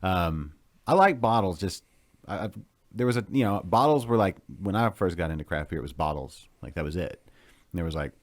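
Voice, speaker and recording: A man's voice: low-pitched, expressive, no echo. A man, hosting a casual live interview with enthusiastic, rambling chatter. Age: 40s. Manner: enthusiastic, rambling, quick to laugh. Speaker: podcast host.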